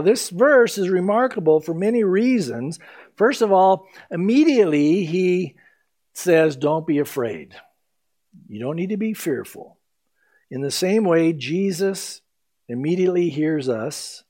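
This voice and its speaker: A male pastor preaching a sermon, animated, acting out scripture quotes in his teaching. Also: a little high.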